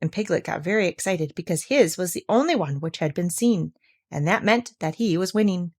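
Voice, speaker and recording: A woman reading a children's storybook aloud, gentle and expressive. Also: fairly low pitch, normal speed, slightly rough.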